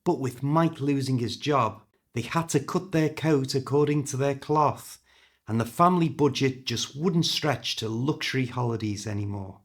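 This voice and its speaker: A man with a British accent reading a story aloud for English learners, clear and expressive. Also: medium pitch, moderate pace. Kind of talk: scripted story narration.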